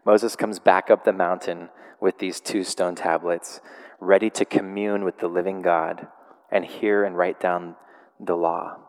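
A man preaching a sermon, retelling a scripture story in a casual, animated way with frequent laughs. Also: low voice, measured pace, in a large hall. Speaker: pastor.

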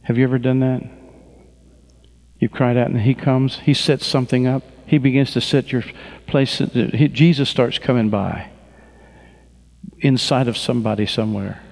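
A man preaching a sermon, telling stories with fervent, lively delivery and leading the congregation in prayer. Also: medium pitch, vocal fry, in a large hall. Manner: fervent preaching, acts out voices of people he describes; slow, drawn-out prayer at the close. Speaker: pastor.

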